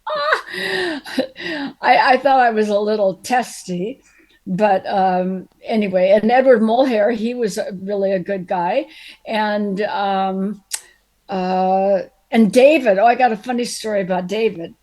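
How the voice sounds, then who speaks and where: A woman's voice: medium pitch, measured pace, darkish tone. Older woman chatting away, rambling story after story, loses her place now and then. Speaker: actress guest recalling a past role. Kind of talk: casual reminiscing conversation.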